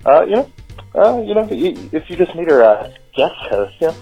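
A man rambles excitably through a voicemail, and his voice swoops up and down a lot. It sounds husky and muffled, with a little music in the background. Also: moderate pace. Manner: rambling, excitable, jumps in pitch. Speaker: caller leaving voicemail.

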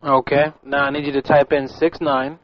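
A man hosting a prank-call radio show, teasing callers with cheeky, deadpan banter. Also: mid-range voice, moderate pace. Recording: dull radio recording with faint music.

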